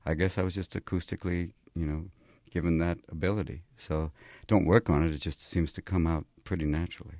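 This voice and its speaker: A man being interviewed in a radio studio, firing off rapid jokes and slipping into funny voices. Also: low-pitched, flat delivery, darkish tone, no echo. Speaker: guest comedian.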